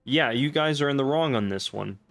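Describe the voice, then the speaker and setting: A man's voice: mid-range voice, a little fast, a bit bright. A young man giving sardonic, profane commentary while playing a game, mocking the story. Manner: sardonic, swears, mocks the story. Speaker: let's play host. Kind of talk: comedic gameplay commentary. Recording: faint background game music.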